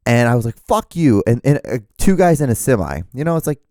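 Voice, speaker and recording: A man's voice: medium pitch, very animated, quick pace, dark tone, dry recording, studio quality. A man in his thirties hosting a solo podcast, rambling and profane, self-mocking, with lots of fillers and restarts. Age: 30s. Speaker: podcast host.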